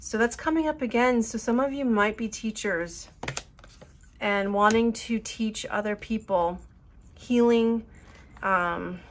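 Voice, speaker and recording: A woman's voice: a little high, takes it slowly, slight background noise. A woman giving an earnest, emotional tarot reading, rambling with fillers as she talks to her viewers. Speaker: tarot reader.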